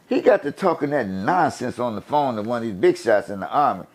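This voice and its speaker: An older man from the USA telling stories in a casual interview, animated and profane, laughing as he talks. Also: medium pitch, brisk. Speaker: guest storyteller.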